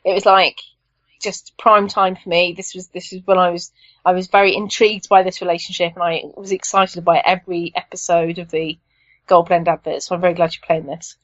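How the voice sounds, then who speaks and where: A woman's voice: on the low side, little pitch movement, brisk, no room sound, dull audio. Rambling enthusiastic woman guest. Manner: enthusiastic, rambling, many fillers. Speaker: podcast guest. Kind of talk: casual chat.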